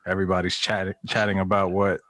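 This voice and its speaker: A man's voice: sits low, flat delivery, fast, fairly bright tone, no room sound. A man co-hosting a podcast in casual chat, laughing easily and repeating words as he talks. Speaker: podcast co-host.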